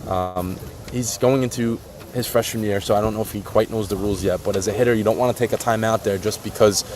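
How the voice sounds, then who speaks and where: A man doing live play-by-play for a baseball game, relaxed and chatty, explaining the rules as he goes. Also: fairly low pitch, fast, slight background noise. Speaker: play-by-play announcer.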